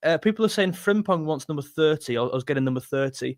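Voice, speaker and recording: A young man with a slightly higher voice, talking on a close, dry microphone. He chats casually and bluntly, reads viewer comments aloud, and pokes fun at himself. He sounds like a football fan hosting his own live stream. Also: expressive, fast, no echo. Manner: chatty, blunt, self-deprecating, thanks donors warmly. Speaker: football livestream host reading chat.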